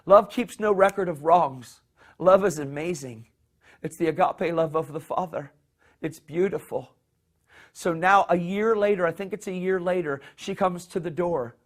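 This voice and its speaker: A man preaching a sermon with passion. He restarts and repeats phrases and shifts into soft, hushed voices when he acts out the people in his story. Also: high voice, normal speed.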